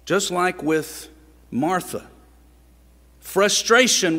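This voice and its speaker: A man's voice: medium pitch, expressive, slow, a bit bright. A man preaching a sermon in a church, earnest and building up to emphatic rhetorical questions. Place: church sanctuary. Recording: long reverb of a church sanctuary.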